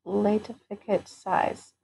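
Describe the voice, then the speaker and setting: A woman voicing a courteous, dutiful male captain in an audiobook reading, speaking formally and gently. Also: medium pitch, little pitch movement, slow, creaky, breathy edge, heavily acted, poor audio.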